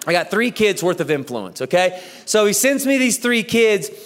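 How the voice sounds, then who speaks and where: A man in his thirties preaching a sermon, telling a story with lively acted-out dialogue. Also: sits high, moderate pace. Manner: animated storytelling, acts out dialogue. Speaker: pastor. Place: church auditorium. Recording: echoey church hall.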